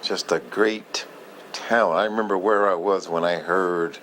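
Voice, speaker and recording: A man with a fairly low voice talks very slowly, reminiscing in a casual, heartfelt monologue. He rambles and halts, often losing his thread as he goes. A faint hiss sits under his voice. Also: fairly even intonation, fairly bright tone, low-quality recording. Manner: heartfelt, moved by the memory. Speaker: vlogger sharing memories.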